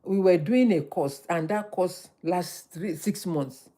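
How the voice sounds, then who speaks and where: A middle-aged woman, hosting a motivational livestream, talking in a lively, preachy way and repeating phrases for emphasis. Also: on the low side, slow. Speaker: livestream host.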